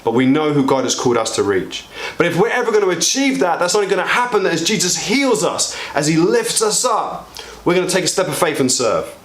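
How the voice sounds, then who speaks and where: Man, pastor, energetic sermon, playful, echoey room. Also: quick pace, a little hiss or hum. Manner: upbeat, joking, wide swings in pitch.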